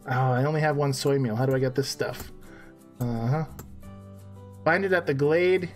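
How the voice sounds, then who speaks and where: A man's voice: medium pitch, moderate pace, faint music behind. A man co-hosting a casual game live stream, joking and laughing at himself as he plays.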